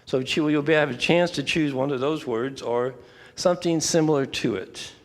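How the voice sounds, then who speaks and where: An older man leading a church prayer workshop, talking in a relaxed, conversational way with frequent asides and restarts. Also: fairly high pitch, moderate pace, in a large hall. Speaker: workshop leader. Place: church fellowship hall.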